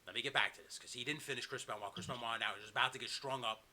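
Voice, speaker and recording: A man's voice: fairly even intonation, very fast, sharp tone, slight background noise. A man hosting a podcast, rambling through a profane, made-up wrestling story in casual chat. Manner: rambling, profane storytelling, pitching a wild scenario. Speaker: podcast host.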